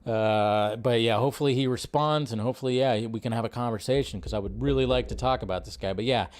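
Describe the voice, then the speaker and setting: A man's voice: mid-range voice, quick pace. A man hosting a live movie news stream, chatting casually in a rambling way and often repeating his phrases.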